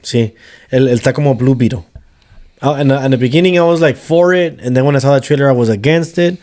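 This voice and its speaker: Bilingual male co-host, mellow tone, loose, profane casual chat. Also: mid-range voice, fast. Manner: switches between English and Spanish mid-sentence, swearing freely. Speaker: podcast co-host.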